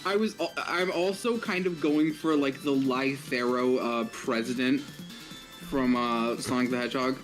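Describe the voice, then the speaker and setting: A man's voice: mid-range voice, fairly even intonation, measured pace. A man joining a game stream as a guest, chatting casually and laughing a lot, repeating himself for emphasis. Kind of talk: casual gaming stream chat. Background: faint game music.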